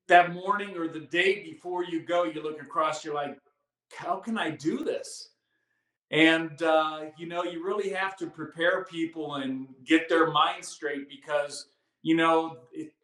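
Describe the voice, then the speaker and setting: A man who guides canyon hikes, telling stories in an animated, chatty way and acting out what people said. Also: fairly high pitch, echoey room, rough recording. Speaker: canyon hiking guide, record witness. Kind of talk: casual interview storytelling.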